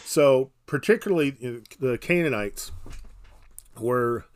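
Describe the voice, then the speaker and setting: A man explaining scripture in a casual podcast conversation, halting with restarts and dry humor. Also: medium pitch, expressive, smooth. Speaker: Bible teacher. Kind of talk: casual Bible study podcast.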